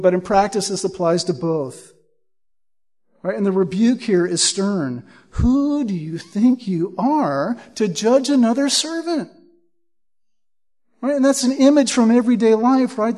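A man with a notably high voice preaches through a passage verse by verse. He presses each point hard, repeats himself and keeps checking in with the congregation with a quick "right?". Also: a little mellow. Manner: emphatic, repeats words and asks "right?" often. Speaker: pastor. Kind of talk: expository sermon.

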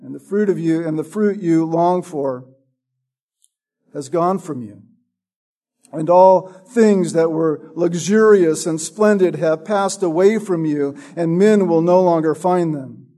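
A man preaching a sermon, teaching from a Bible passage with a slow, emphatic, drawn-out delivery. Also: on the high side, dark tone.

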